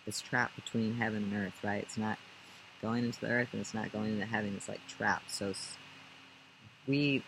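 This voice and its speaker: A young man with a somewhat low voice talks loosely and warmly to camera, rambling through spiritual self-help advice with frequent laughs and a casual "y'all." A faint ambient hum sits under the recording. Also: poor audio. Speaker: spiritual guidance and astrology vlogger.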